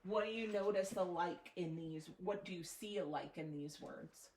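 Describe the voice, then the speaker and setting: A woman reading teacher giving a one-on-one phonics lesson, prompting clearly and patiently. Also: fairly low pitch, moderate pace, a little mellow. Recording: roomy, distant mic with faint noise.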